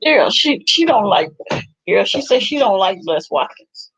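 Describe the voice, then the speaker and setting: A woman's voice: mid-range voice, sing-song, measured pace, fairly bright tone, slightly rough, dull audio. A woman hosting a casual chat, laughing often and reacting to what she is listening to. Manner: laughing, gossipy reactions to a livestream. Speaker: host.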